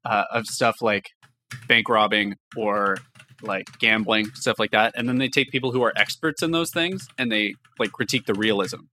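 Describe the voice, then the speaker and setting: A man's voice: on the low side, moderate pace, slight background noise. Blustering male comedy podcast host. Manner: loud, blustering bits, then relaxed rambling. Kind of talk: improvised comedy sketch and chat.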